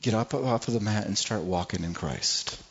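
A man's voice: on the low side, moderate pace, vocal fry, highs cut off, a little hiss or hum. Man preaching a conversational sermon. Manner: conversational preaching, repeats words, asks the room questions. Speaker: pastor. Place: church service before a congregation.

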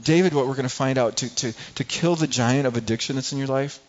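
A middle-aged man delivers a sermon in a conversational way, stumbling over and repeating words as he goes. His voice sits at a mid pitch for a man. The recording is a bit dull and lo-fi. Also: quick pace. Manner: conversational preaching, acts out everyday people, frequent repeats. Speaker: pastor.

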